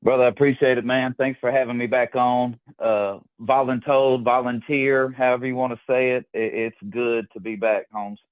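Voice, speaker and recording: A male podcast guest speaks earnestly over a tinny phone line, and his words often stumble and restart. His voice sits at a middle pitch. The sound is dry, with no room around it. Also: little pitch movement, normal speed, hardly any pauses, no echo. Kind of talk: casual chat.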